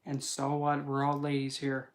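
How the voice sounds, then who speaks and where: A young man, a spiritual reader, chatting casually on a livestream and telling rambling, animated stories with many fillers. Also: medium pitch, normal speed, noisy background.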